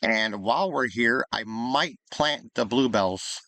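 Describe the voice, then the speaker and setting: A man's voice: mid-range voice, slow, bright, forceful tone, dry recording. A man casually commenting on his life-sim gameplay, thinking aloud in an easygoing, chatty way. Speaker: gaming YouTuber.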